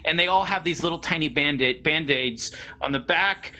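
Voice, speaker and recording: A man in his thirties telling stories in casual chat, animated and rambling, laughing often. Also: fairly high pitch, moderate pace, rough recording. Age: 30s. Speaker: guest.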